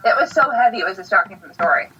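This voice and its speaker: A woman co-hosting a casual fan podcast, chatty and hesitant, often pausing on fillers. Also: medium pitch, very animated, pushed and bright, breathy edge. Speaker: podcast co-host. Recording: distant, dull lo-fi mic.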